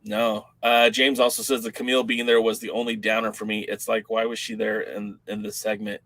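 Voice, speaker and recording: A man co-hosting a podcast in casual chat, an animated storyteller who acts out the voices of the people in his stories. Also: on the low side, a little fast, no echo, rough recording. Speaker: podcast co-host.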